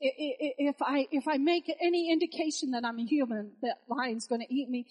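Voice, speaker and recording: A woman voicing a big burly man desperate for any job, in a high voice that stays close to her own as she acts out a story in a sermon. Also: fairly even intonation, fairly quick, a little mellow, lightly acted. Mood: panicked. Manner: eager, stammering.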